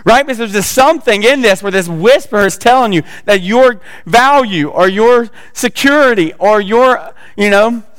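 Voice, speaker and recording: A male pastor preaches in a loose, conversational way and throws teasing asides to his congregation. His voice sits high for a man. The sound carries a long, hall-like reverb. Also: lively intonation, normal speed, fairly bright tone, clean tone. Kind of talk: sermon.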